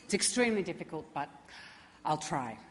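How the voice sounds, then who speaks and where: A woman's voice: sits low, big pitch swings, brisk, a little hiss or hum. Woman giving a tribute in a reverberant hall. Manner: wry, self-deprecating asides. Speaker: award presenter. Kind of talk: tribute speech.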